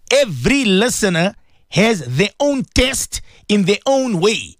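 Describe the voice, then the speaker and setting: A man's voice: sits high, sing-song, normal speed, a bit bright, no echo, studio quality. A man hosting a devotional radio talk, preaching fervently and repeating himself as he pleads with listeners. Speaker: religious radio host.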